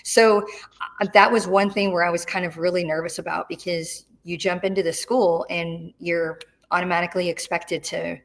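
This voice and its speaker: A middle-aged woman tells a story in an interview. She talks in an animated way and acts out the voices of the people she quotes. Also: lowish voice, moderate pace. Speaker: interview guest, retired Marine.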